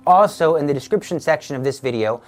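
A man's voice: a little high, animated, quick pace. A man giving an earnest devotional talk, telling stories and asking rhetorical questions. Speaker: Catholic speaker. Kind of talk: devotional teaching with storytelling.

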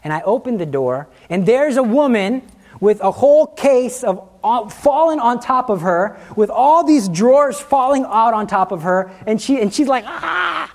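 A man's voice: very high-pitched, lively intonation, normal speed, darkish tone. A male teacher giving an anecdotal class talk, telling stories with animation, laughing at his own jokes and acting out the people he quotes.

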